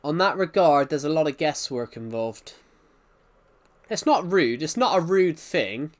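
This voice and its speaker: A man's voice: fairly high pitch, expressive. Rambling man with a thick accent. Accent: thick regional accent. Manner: rambling, halting, many restarts. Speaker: streamer. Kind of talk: live-stream chat while gaming.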